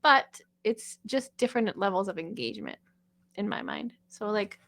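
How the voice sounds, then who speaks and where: A woman's voice: mid-range voice, very animated, normal speed, fairly bright tone. A woman teaching a casual voice lesson, chatty, with sung and called-out examples.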